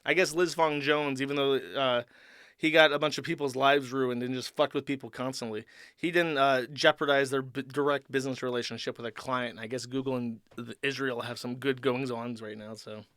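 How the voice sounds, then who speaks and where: A man hosts his own livestream from a home desk, his bright, smooth voice picked up dry and close. He rants crudely and swears often, sliding into rambling asides. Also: medium pitch, steady tone, fairly quick, dry recording. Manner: crude, ranting, profane, rambling. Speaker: streamer host. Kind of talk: livestream monologue. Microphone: desk mic at computer.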